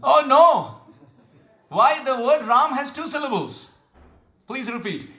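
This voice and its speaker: Male preacher with a high, bright voice; asks listeners questions, intones verses slowly; echoey hall. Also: sing-song. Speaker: spiritual teacher. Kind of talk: devotional sermon with call and response.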